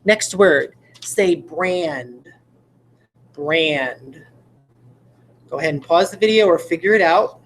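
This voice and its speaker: A woman teacher talks through a video lesson at an unhurried, deliberate pace, with a voice sitting somewhat low. She explains each step patiently and keeps asking her listeners rhetorical questions. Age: adult parent.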